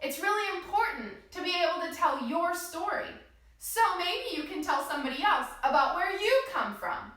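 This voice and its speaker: A woman teaching a children's yoga class, guiding gently and encouragingly with slow, soothing instructions. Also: very high-pitched, big pitch swings, far from the mic. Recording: echoey room, voice from off-mic.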